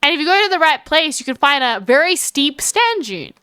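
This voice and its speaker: Bright, high-voiced Australian woman streamer. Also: sing-song, no room sound. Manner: chatty and giggly, talks to chat and calls herself by name; fast, rambling talk with many fillers. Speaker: livestreamer. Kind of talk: casual chat with viewers.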